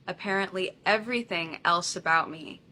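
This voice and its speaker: A woman's voice: lowish voice, normal speed, bright, forceful tone, a little hiss or hum. A woman content creator candidly telling a personal story to camera, often laughing as she talks. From India.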